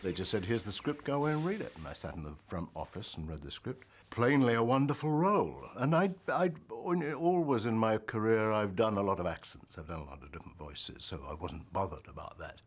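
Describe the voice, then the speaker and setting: A male actor telling an animated, theatrical story in an interview. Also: lowish voice, fairly quick, few pauses, breathy edge. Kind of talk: interview anecdote.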